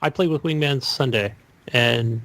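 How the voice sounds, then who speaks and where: A man co-hosting a gaming podcast in casual chat, chiming in quickly and agreeably. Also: mid-range voice, fairly bright tone, dry recording. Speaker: podcast co-host.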